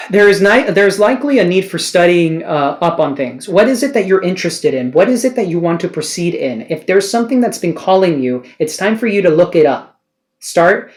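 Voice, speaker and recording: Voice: medium pitch, a little mellow. A tarot card reader giving an emotional spiritual reading to camera, earnest and pleading, swearing casually and firing off rhetorical questions.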